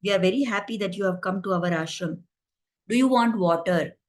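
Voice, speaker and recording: A woman voicing a gentle male parrot who softly welcomes a guest, in a spoken folk tale. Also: medium pitch, a little fast, close to an everyday voice. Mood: welcoming. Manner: soft, hospitable.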